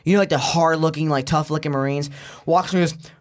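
Animated young man telling a story. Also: on the high side, quick pace. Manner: animated storyteller, acts out other voices, heavy swearing. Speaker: podcast guest. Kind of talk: casual chat.

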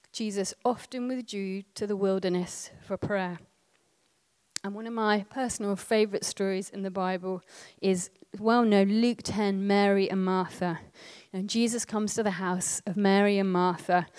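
A woman's voice: medium pitch, darkish tone, smooth. Chatty woman teaching. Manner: chatty, with tag questions and quick asides. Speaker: prayer ministry trainer. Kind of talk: conversational teaching talk.

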